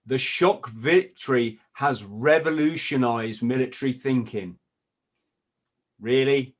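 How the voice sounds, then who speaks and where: A man's voice: medium pitch, takes it slowly. A man hosting a podcast in casual discussion, often stammering and restarting, with sardonic asides. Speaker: podcast host.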